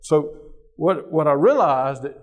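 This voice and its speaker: A man's voice: a little high, animated, measured pace. Folksy man telling a story on stage. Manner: folksy, conversational storytelling with many restarts. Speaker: keynote speaker. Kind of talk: storytelling keynote speech.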